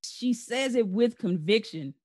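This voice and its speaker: Speaking a little slowly in an expressive, somewhat high voice, a podcast host has a casual chat with her brother. She laughs a lot and signs off with warm patter.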